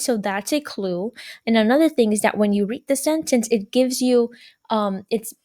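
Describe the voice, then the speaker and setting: A woman's voice: fairly high pitch, darkish tone. A woman teacher giving a recorded grammar lesson to young students, patiently repeating key points and checking in with "right?".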